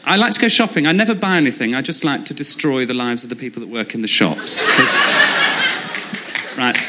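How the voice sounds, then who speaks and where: A man, doing a stand-up comedy set in a deadpan storytelling style with sudden high outbursts. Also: fairly quick, slight background noise. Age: 20s. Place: comedy club stage. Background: audience laughter.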